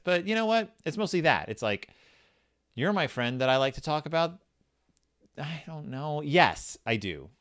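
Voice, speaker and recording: Male comic podcast host, past thirty, lively swooping delivery, rambling and self-deprecating. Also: mid-range voice, moderate pace. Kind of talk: comic monologue answering questions from a children's book.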